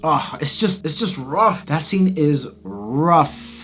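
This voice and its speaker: A man in his thirties hosting his channel, retelling a film scene in an expressive, animated way with frequent restarts. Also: fairly high pitch, slow, over music. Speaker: YouTube host. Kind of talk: casual movie commentary.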